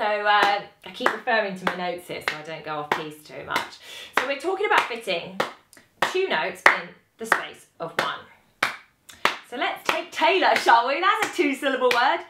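A woman's voice: on the high side, bright, forceful tone. A British woman, a young adult, giving a casual music lesson to camera, chatty and laughing at herself. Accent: British English. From Britain. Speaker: saxophone teacher. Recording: echoey room.

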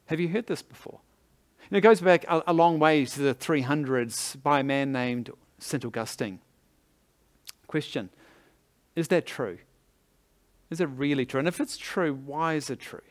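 A man's voice: medium pitch, lively intonation, a little slow. A male pastor giving a conversational sermon, laughing easily and leaning on sports analogies.

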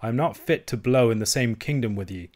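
A man voicing a proud, hot-tempered adult Highland swordsman in an audiobook reading, speaking in a touchy, quick-to-bristle way. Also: a little mellow, close to an everyday voice. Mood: admiring. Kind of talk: audiobook character voice.

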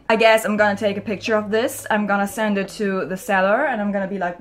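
A young woman vlogging a casual unboxing at home, excitable and chatty, quick to laugh and to squeal in frustration. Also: mid-range voice, faint music behind. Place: at home, washing machine running.

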